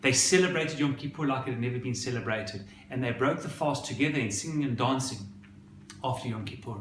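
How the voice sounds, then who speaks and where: A male rabbi giving a sermon, telling a story in an expressive, dramatic way. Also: medium pitch, a little fast, roomy sound, a little hiss or hum.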